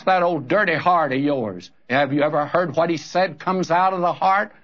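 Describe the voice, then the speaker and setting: A man's voice: fairly high pitch, moderate pace. Earnest preacher man, lo-fi recording. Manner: earnest, direct, addresses listeners as friend and brother. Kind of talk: sermon.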